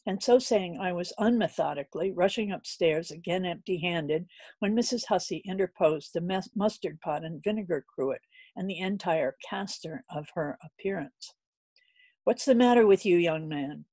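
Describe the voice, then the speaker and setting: A woman's voice: on the low side, moderate pace, a little mellow, slightly rough, dry recording. A woman narrating a classic novel as an audiobook reader, earnest and a little unpolished, with occasional slips.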